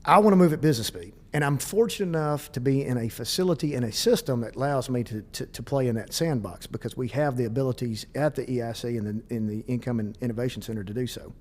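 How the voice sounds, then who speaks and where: Speaking in a relaxed podcast interview, a middle-aged Southern US man who works as a school district administrator spins quick, animated stories and performs snippets of dialogue. His pitch is medium.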